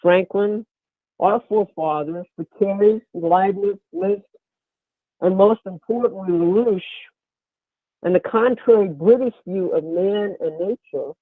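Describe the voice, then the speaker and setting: A woman with a cold and a creaky, hoarse voice, giving an emphatic, rallying prepared speech on a conference call. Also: mid-range voice, unhurried, dry recording. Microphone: telephone. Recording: narrow phone line.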